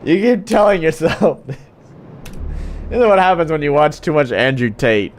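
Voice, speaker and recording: A man's voice: a little high, normal speed. A man streaming a game, giving casual gaming commentary while swearing and laughing at how janky it is.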